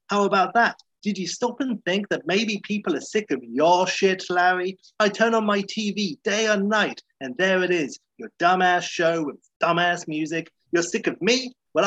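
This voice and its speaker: A man's voice: high-pitched, lively intonation, moderate pace, hardly any pauses, fairly bright tone, pitched above the performer's own voice, rough recording. A man doing a ranting, scornful female diva. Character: angry female pop diva, haughty.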